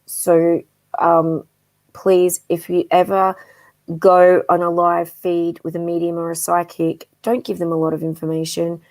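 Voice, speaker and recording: Woman, middle-aged, low-ish voice, rambling warm live-stream psychic host. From Australia. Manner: chatty and affectionate, calls viewers darling, many ums. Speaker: psychic medium guest host.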